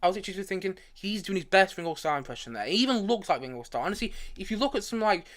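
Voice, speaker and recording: A man's voice: high voice, very animated, very fast, a bit bright. A man hosting a casual movie review live stream, chatting in a rambling way with frequent restarts and asides. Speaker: movie review livestream host.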